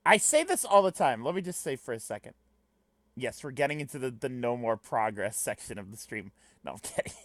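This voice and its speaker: A woman streamer reading a webcomic aloud, chatting in a giggly, lively and self-deprecating way. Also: rumbling low, brisk, no echo. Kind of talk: casual chat on a live stream.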